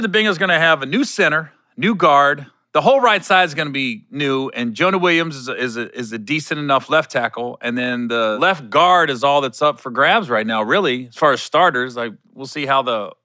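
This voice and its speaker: A man's voice: mid-range voice, sharp tone, dry recording. A middle-aged man hosting his own podcast in a studio, chatting casually and telling stories with laughter and quoted voices. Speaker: podcast host. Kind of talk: casual solo podcast chat. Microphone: studio podcast mic.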